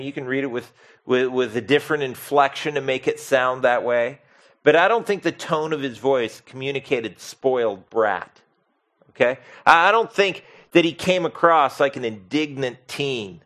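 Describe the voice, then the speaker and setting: A man preaching a sermon as pastor, expressive, swinging from soft to loud and asking the congregation questions. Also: medium pitch.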